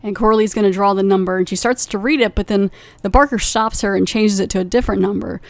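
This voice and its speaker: A young woman hosts a podcast and talks through an episode recap in a loose, rambling way, full of fillers and asides. Her pitch sits in a middling range, and the recording is dry and close to the mic. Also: fairly even intonation, creaky, darkish tone, dry recording. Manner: rambling, with many fillers and quick acted quotes. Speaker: podcast host reviewing a TV episode.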